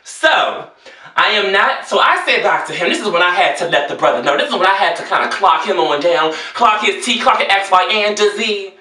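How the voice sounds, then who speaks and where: A man telling a story in a sassy, theatrical rant, jumping into high exclamations. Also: expressive, brisk, sharp tone. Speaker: vlogger. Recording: echoey room, voice a bit far from the mic.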